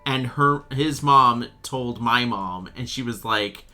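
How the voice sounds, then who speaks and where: A young man chatting while he plays a game, telling a rambling, animated story and swearing freely. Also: medium pitch, slow pace, faint music behind. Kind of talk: casual storytelling chat.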